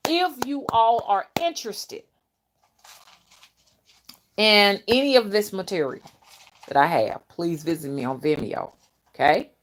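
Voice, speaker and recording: A middle-aged woman chatting casually on a live stream, folksy and warm with her viewers, reading out their comments and calling them y'all and honey. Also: mid-range voice, expressive, unhurried, pauses often, a little hiss or hum. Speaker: spiritual rootworker hosting a live stream.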